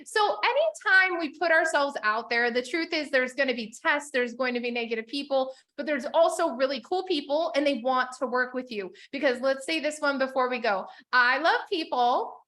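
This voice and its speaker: A woman's voice: sits high, a little fast, few pauses, fairly bright tone. A woman business coach teaching a live group in a chatty, upbeat way, with lots of "like"s and frequent laughs. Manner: chatty, upbeat, filler-heavy with many "like"s.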